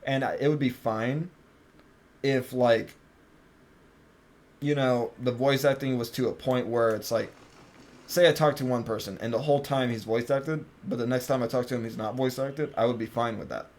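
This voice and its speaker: A man's voice: medium pitch, fairly even intonation, moderate pace. A young man streaming a game, chatting casually, joking around and swearing freely. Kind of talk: casual gaming stream chat.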